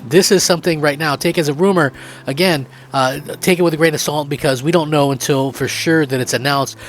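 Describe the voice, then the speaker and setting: A man hosting a gaming channel, giving excited, rambling opinion commentary with lots of fillers. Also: on the high side.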